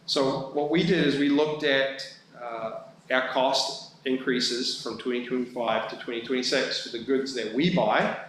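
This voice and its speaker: Male staffer, mid-pitch, halting council presentation, booming chamber echo. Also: fairly bright tone. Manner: halting, many fillers and restarts. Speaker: town staff presenting budget. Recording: very echoey room, faint background noise.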